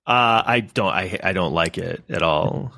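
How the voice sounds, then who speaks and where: A podcast host with a very low male voice who talks in a halting, hesitant way, full of restarts and self-deprecation. His voice sits close to a dry mic with no room sound. The talk is loose, casual chat. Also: creaky, bright, forceful tone, no echo.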